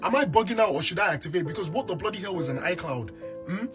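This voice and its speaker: A man's voice: sits high, lively intonation, fast, over music. A British man giving a comedic monologue, incredulous and full of rhetorical questions.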